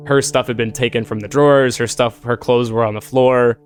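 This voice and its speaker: A man recounts a personal encounter in loose, rambling speech, tossing in fillers and curses as he goes. His voice sits at an ordinary middle pitch, and a clear music bed plays beneath him. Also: fairly even intonation, fairly quick, hardly any pauses. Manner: rambling and shaken, full of "like" fillers and swearing. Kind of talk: casual spoken storytelling. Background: eerie music bed.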